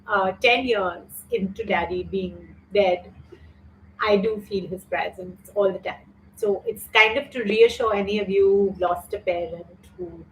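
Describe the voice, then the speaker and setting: A woman's voice: medium pitch, slight background noise. A middle-aged woman hosting a live online yoga class, teary and heartfelt as she talks to viewers and reads their comments. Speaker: yoga teacher and show host. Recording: roomy echo, distant mic, faint ambience.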